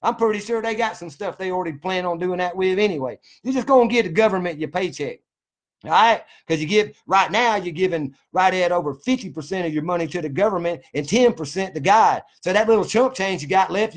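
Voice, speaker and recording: A man with a drawl speaks straight to his audience in a fervent, preachy monologue. He is folksy and profane, and his voice sits a little higher than most men's. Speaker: vlogger. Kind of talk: impassioned monologue to camera.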